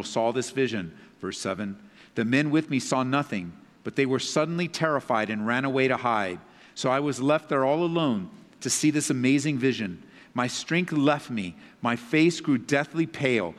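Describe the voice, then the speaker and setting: A man preaching a sermon, swinging between loud emphatic passages and hushed, low scripture reading. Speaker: pastor. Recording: long reverb of a large hall.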